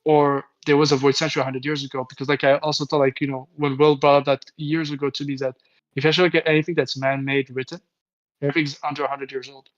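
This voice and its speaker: A man's voice: mid-range voice, level tone, fast talker, muffled recording. A man co-hosting a casual fan chat, stammering and saying like and dude as he works through a theory. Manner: stammers as he builds a theory, says like and dude a lot.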